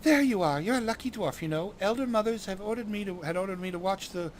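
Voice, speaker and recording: A man voicing a brisk young elf fairy woman who gives quick commands. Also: high-pitched, slight background noise, pitched above the performer's own voice, close to an everyday voice. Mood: urgent.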